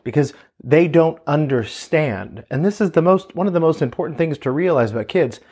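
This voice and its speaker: A man's voice: medium pitch, a little mellow. A man in his thirties, a father, earnestly giving parenting advice and retelling talks with his kids. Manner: earnest, storytelling with quoted dialogue. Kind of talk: casual advice talk.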